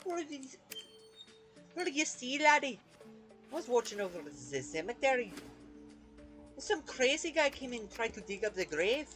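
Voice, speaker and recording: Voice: mid-range voice, very animated, normal speed, pauses often, fairly bright tone, faint music behind, voice pushed up, poor audio. A streamer voicing a humble old cemetery gatekeeper in a put-on Scottish-Irish lilt, fussy and polite. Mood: chatty.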